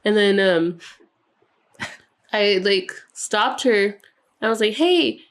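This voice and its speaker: A young woman co-hosting a podcast, telling a story in a casual, animated way, swearing freely and acting out the quoted voices. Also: medium pitch, slow pace. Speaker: podcast co-host.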